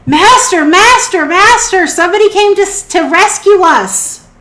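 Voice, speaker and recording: A woman voicing a small, eager robot servant who shouts in a high, excited voice. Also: moderate pace, reverberant.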